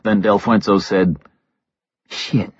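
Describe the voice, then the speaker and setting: A man narrating a thriller audiobook in a measured, terse delivery on a slightly dull recording. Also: on the low side, expressive, breathy edge, dry recording.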